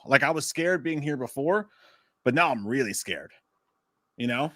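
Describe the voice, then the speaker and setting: A man with a somewhat high voice chats casually on a live stream, telling rambling stories and cracking crude jokes at his own expense. He sounds close to the mic in a dry room with no echo. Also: animated, moderate pace, long pauses, bright, forceful tone. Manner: crude, self-mocking joking; rambling, chatty storytelling.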